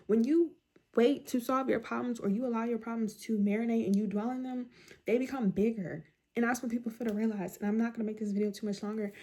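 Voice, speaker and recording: In a fairly high, mellow voice, a middle-aged mental health creator delivers a motivational talk straight to camera. Her self-help advice is forceful, blunt, and repeated often.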